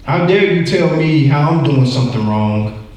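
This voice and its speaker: A man in his forties teaching a Bible lesson in an animated way, acting out quoted voices and repeating words. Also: a little high, normal speed. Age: 40s. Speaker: church teacher. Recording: echoey room from far off.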